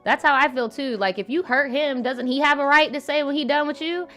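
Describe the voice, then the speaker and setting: Blunt, laughing woman host, pitched a little high. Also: a little fast, sharp tone, faint music behind. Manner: blunt and profane, laughs often, talks straight to the chat. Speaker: livestream host reading viewer stories. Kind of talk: casual live chat.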